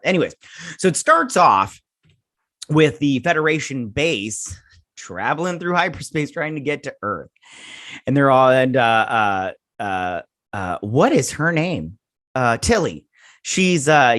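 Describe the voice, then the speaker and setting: A man's voice: mid-range voice, fairly bright tone, dry recording, studio quality. A man hosting a casual TV review, sarcastic and mocking, often laughing and using fillers. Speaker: YouTube host reviewing a TV episode.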